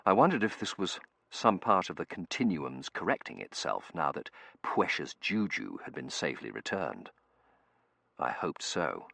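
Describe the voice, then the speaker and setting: Gravelly, expressive male narrator. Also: sits low, normal speed, no room sound. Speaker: audiobook narrator. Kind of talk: scripted narration.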